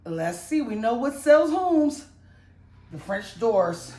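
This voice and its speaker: A woman's voice: mid-range voice, sing-song, slow pace, mellow, far from the mic. A woman giving an enthusiastic walkthrough of a model home, gushing over the details. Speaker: real estate agent giving a home tour. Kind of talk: casual walkthrough tour. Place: model home, walking through rooms. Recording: echoey rooms, voice off-mic.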